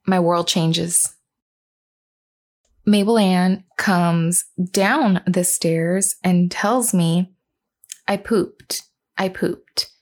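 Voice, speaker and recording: A woman's voice: mid-range voice, a little mellow. A woman in her thirties, a mother earnestly recounting a personal story and retelling what was said. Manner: earnest, retelling dialogue, with fillers and restarts.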